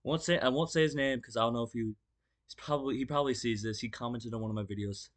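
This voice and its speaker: A man's voice: medium pitch, fast talker. A young man telling a storytime vlog in a casual, rambling way, with lots of fillers, restarts and swearing, acting the story out as he talks. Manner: acts out the story with gestures. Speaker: vlogger.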